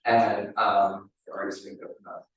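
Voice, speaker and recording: A wellness coach leads a group through a live demonstration, chatty and often ending his points with "right?". His fairly low, level voice at a normal pace comes through muffled, far from the mic in a very echoey room.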